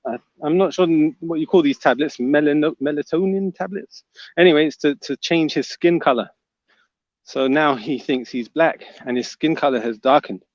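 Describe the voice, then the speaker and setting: A man's voice: a little high, moderate pace, no echo, highs cut off. A man hosting a livestream, reading viewer comments aloud and teasing the chatters. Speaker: livestream host reading chat. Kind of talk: casual livestream chat.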